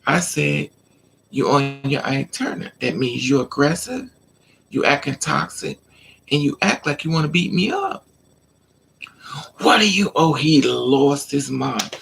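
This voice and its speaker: A woman's voice: a bass voice, big pitch swings, a little slow, vocal fry, slight background noise. A woman vlogger telling a personal story in a casual rant, animatedly acting out both sides of an argument.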